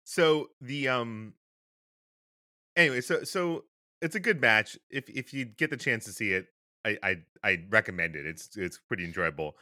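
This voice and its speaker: A man in his thirties co-hosting a podcast, talking in a casual, animated way and laughing often. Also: fairly low pitch, moderate pace, dry recording, clean studio sound. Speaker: podcast co-host. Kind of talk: casual chat.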